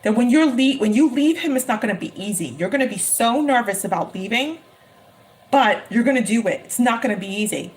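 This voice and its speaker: Woman tarot reader on a livestream, kinda high voice, excitable, keeps repeating herself. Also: brisk. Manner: emphatic, repeats phrases, excitable. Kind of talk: live-streamed tarot reading.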